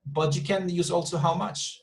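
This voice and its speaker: A man's voice: high voice, steady tone, moderate pace, low-quality recording. Patient man teaching English online. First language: Spanish. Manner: patient, repeats and rephrases, checks understanding. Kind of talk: online class instruction.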